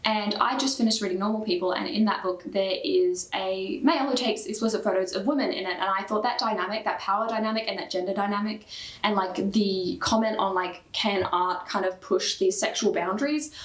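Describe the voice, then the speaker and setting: A young Australian woman in her twenties, chatting casually about books, full of "like" fillers and quick bursts of speech. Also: medium pitch, fairly even intonation, reverberant. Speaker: book vlogger. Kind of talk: casual book review chat.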